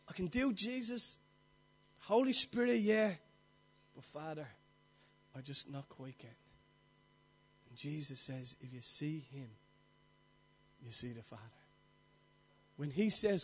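A male preacher with a very high-pitched voice delivers a sermon. He speaks earnestly, building momentum through repeated phrases. He turns to his congregation with direct questions. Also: expressive, a little slow, long pauses.

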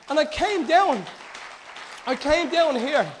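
A man preaching a fervent, storytelling sermon that swings from loud to hushed. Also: extremely high pitch, lively intonation, fast, some chatter behind, slight background noise.

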